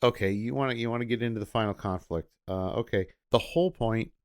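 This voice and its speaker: A man's voice: on the low side, quick pace, clean tone, no room sound. A man co-hosting a casual movie-review podcast, making dry, sarcastic remarks. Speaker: podcast co-host.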